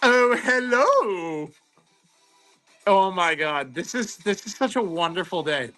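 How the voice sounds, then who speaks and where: A high-voiced male streamer hosts a card-opening livestream, talking at a normal speed over soft background music. He's excitable and chatty, greeting viewers by name as he chats casually.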